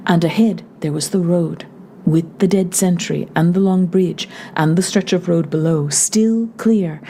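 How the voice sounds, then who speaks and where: A woman reading a novel aloud in a steady, measured narration. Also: on the low side, slight background noise. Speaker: audiobook reader.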